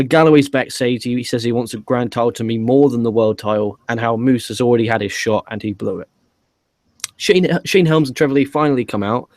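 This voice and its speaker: A man's voice: mid-range voice, a little mellow, dry recording. A man co-hosting a podcast, recapping a wrestling show in a dry, matter-of-fact way. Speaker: podcast co-host.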